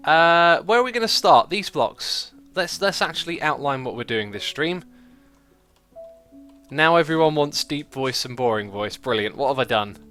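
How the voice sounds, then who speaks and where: A man's voice: medium pitch, sharp tone. A man hosting a gaming livestream, chatting casually, laughing often and reading out donations and chat messages. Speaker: streamer host.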